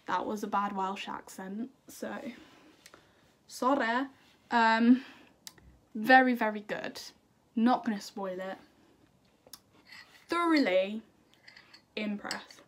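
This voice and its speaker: A woman's voice: a little high, takes it slowly, long pauses. Chatty, bubbly young woman. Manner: chatty, bubbly, self-deprecating. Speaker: singer and YouTuber. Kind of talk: casual chat to camera.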